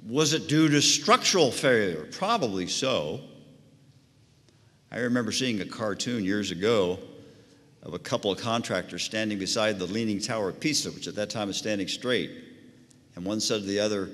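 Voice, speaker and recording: A man preaching in a church, his bright, ringing voice carried by long reverb. He leans into emphatic points with lively swings of pitch and a slightly high register. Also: normal speed. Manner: emphatic, rising and falling preaching cadence. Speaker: pastor. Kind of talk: sermon. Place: church sanctuary.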